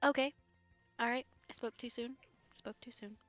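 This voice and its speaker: A woman's voice: on the high side, steady tone, moderate pace, fairly bright tone, soft background music. A woman casually commenting on a video game she plays, teasing and wry, laughing often. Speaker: game streamer. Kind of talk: casual let's-play commentary.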